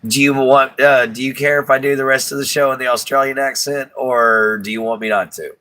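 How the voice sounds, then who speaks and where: A man's voice: medium pitch, steady tone, a little fast, sharp tone. A man hosting a casual live stream, chatty and affectionate with many fillers.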